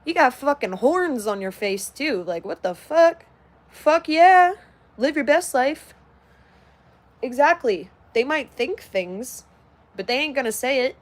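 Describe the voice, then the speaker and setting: Woman in her twenties, casual live-stream host, cursing freely and straight-talking, voice a touch high. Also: expressive, takes it slowly. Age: 20s. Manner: blunt and heavily profane. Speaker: livestreamer. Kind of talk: casual livestream chat reading comments.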